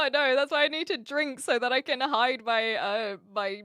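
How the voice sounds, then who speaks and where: A woman from New Zealand chats with her live stream audience from an attic room, answering chat messages in a loose, self-mocking way. Her voice sits a little high and sounds bright and forward. The recording is close and dry, with hardly any room sound. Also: steady tone, moderate pace, no echo. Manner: chatty, self-mocking, breaks into laughter. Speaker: livestreamer. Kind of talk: casual chat reading live chat.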